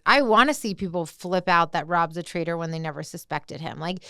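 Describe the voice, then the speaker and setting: A young woman co-hosting a casual pop-culture podcast, animated and peppered with "like". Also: lowish voice, moderate pace, clear, resonant tone, no room sound, clean studio sound. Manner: animated, lots of "like" fillers. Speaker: podcast co-host.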